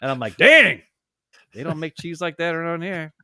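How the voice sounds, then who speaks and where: A man's voice: on the high side, quick pace, fairly bright tone, clean tone, dry recording, studio quality. A man from Wisconsin, co-hosting a casual sports podcast and rambling through stories in which he acts out the people he quotes. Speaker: podcast co-host. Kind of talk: casual chat.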